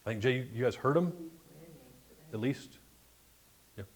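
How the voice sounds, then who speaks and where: A guest presenter at a bird club meeting gives a chatty, joking slide-show talk about a birding trip to a live audience in a meeting room, full of jokey asides. His mid-range voice is expressive and a little slow, with slight background noise.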